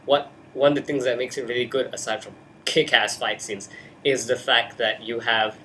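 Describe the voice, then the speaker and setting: A man's voice: medium pitch, fairly even intonation, moderate pace, pushed and bright, slight background noise. A young man talking casually about a film into a webcam in his bedroom, hyper and jokey. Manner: hyper, jokey, breaks into silly put-on voices. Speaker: host. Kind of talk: casual movie chat.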